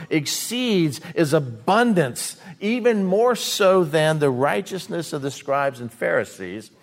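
A middle-aged man delivers a sermon in a casual, conversational way. His voice sits somewhat high and moves a lot in pitch, from hushed low asides to loud, raised lines. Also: sing-song, a little slow, few pauses. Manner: conversational, acts out quoted voices, swings between loud and hushed. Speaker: pastor.

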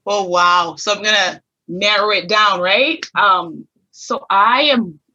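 A middle-aged woman with a Virgin Islands Caribbean accent speaks as an interview guest. Her voice is bright and forward with a husky edge. She tells her stories animatedly. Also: medium pitch, takes it slowly, lo-fi sound. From St. Thomas, U.S. Virgin Islands. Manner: animated storyteller acting out quoted questions. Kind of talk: conversational interview.

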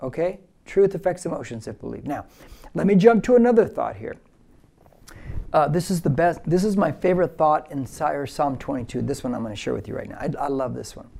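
A man's voice: a little high, expressive, fairly quick, gravelly, dark tone. A male pastor preaching a verse-by-verse sermon with emphasis, leading listeners in repeating key phrases.

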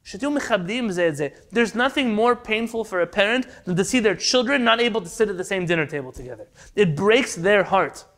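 A man teaching a Torah class in an impassioned lecture, swinging from loud rhetorical questions to quiet, intense pleas. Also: high-pitched, expressive, fairly quick, few pauses.

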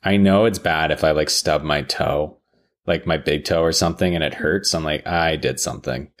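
A man with a notably deep, low voice trades jokes in a relaxed chat. His humor is dry and teasing. He leans on casual fillers as he talks. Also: moderate pace.

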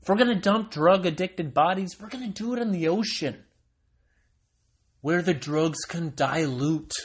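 An American man hosting a sarcastic solo monologue, reading out a news item and breaking off into mocking asides that swing from loud to muttered. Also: sits high, measured pace, breathy edge. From United States. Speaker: solo commentary host.

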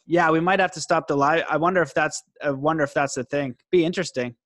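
A man's voice: on the high side, steady tone, fast, fairly bright tone. A man hosting a live-streamed interview, speaking in an easygoing, conversational way. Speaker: host. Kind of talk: casual live-stream chat.

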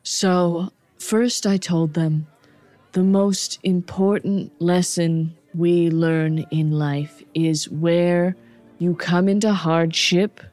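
A woman's voice: lowish voice, fairly even intonation, takes it slowly, a little mellow, faint music behind. A woman voicing a chatty, boastful female dwarf miner in a tabletop game. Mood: rambling.

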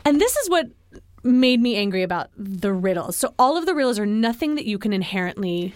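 A woman's voice: medium pitch, big pitch swings, brisk, a little mellow, no room sound. A woman co-hosting a podcast, talking about a book in a chatty, critical way with lots of fillers. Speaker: podcast co-host. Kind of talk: casual book discussion.

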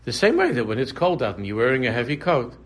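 Husky-voiced man teaching a casual class. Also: medium pitch, big pitch swings, fast. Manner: conversational, repeats phrases, digresses into humorous examples. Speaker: Torah teacher.

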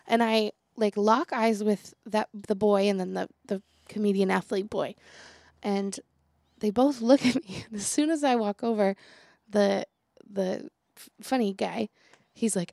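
A woman's voice: mid-range voice, unhurried, vocal fry, dark tone, dry recording, studio quality. A young woman co-hosting a casual podcast, telling stories and acting out quotes with frequent laughter. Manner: chatty storyteller, acts out quotes, laughs often. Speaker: podcast co-host and teacher.

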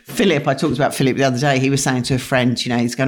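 A woman's voice: extremely low pitch, steady tone, very fast. A middle-aged woman from England, a chef, chatting casually in a home kitchen and rambling with many restarts. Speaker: chef and guest. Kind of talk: casual interview chat.

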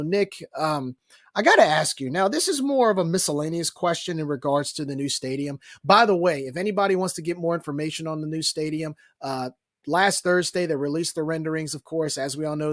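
Excitable college football podcast guy, kinda high voice, super dry close mic sound. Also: dry recording. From south Louisiana. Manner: upbeat, enthusiastic, repeats catchphrases. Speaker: podcast co-host. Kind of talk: casual sports podcast chat.

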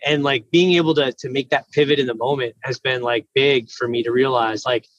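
A man's voice: medium pitch, steady tone, fairly quick, hardly any pauses, no room sound, muffled recording. A man in casual conversation, talking earnestly and thoughtfully with lots of "like" fillers. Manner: earnest, reflective, many "like" fillers.

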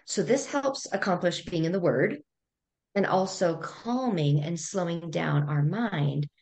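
A middle-aged woman speaking as a therapist guest on a podcast, calm and gently instructive as she walks through breathing exercises. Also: on the low side, a little slow. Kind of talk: conversational podcast interview.

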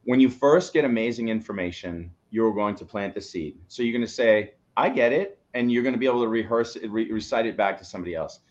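A man's voice: on the low side, fast, few pauses, dull audio. A man co-hosting a motivational live show, coaching listeners in an emphatic, preachy way and swearing now and then. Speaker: co-host, coach.

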